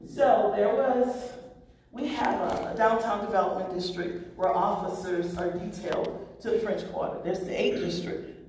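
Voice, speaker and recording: A woman's voice: mid-range voice, darkish tone. A woman presenting to a public oversight board, telling a story and acting out the quoted voices. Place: large meeting room. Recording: echoey room from far off. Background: strong echo.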